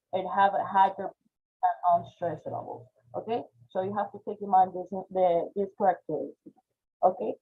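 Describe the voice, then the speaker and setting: A woman with a Spanish accent teaching an online phonetics class, explaining step by step and checking in with "okay?" after nearly every point. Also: mid-range voice. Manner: explanatory, frequent "okay?" check-ins and "eh" fillers. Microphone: video call. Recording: tinny phone-like video call audio.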